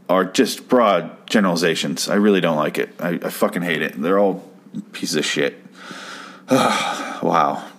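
A man giving a casual, rambling recap of a TV episode, swearing freely and sounding exasperated. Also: deep voice. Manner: profane, exasperated, rambling with restarts. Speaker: show recap host. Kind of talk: casual ranting commentary.

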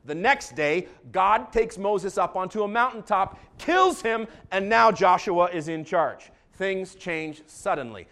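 Joking, animated preacher man. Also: high voice, a little slow, hardly any pauses. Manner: animated and joking, swings between calm asides and loud bursts. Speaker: pastor. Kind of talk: sermon.

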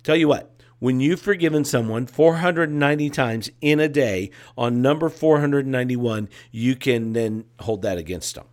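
A man's voice: mid-range voice, moderate pace, few pauses. A man preaching a sermon as a pastor, with a repetitive, emphatic cadence and casual asides.

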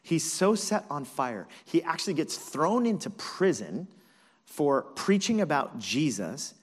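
Animated male pastor preaching. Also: on the high side, a little slow, husky. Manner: animated, conversational storytelling. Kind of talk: sermon.

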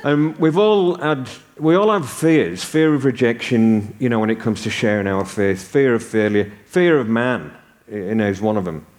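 A man's voice: fairly low pitch, animated, normal speed. A man in his sixties from the north of England, preaching a sermon and telling stories with humor. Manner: conversational storytelling with humor.

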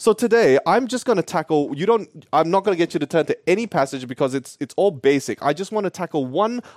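Young man, Australian accent, preacher, animated storytelling, lively swinging pitch. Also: fast, no room sound, studio quality. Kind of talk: story-driven sermon. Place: church.

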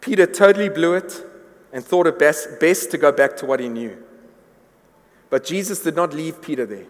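A man delivers a sermon in a large church hall, his voice trailing off into a long reverb. He speaks earnestly and sits a little high in pitch for a man, and he often stumbles over and repeats words while building toward a point. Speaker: pastor.

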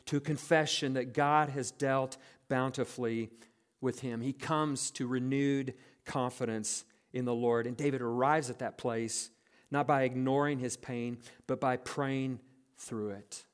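Earnest pastor preaching on lament. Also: male voice, medium pitch, steady tone, clear, resonant tone. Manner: earnest, measured, reads scripture with slowed emphasis. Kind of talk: sermon.

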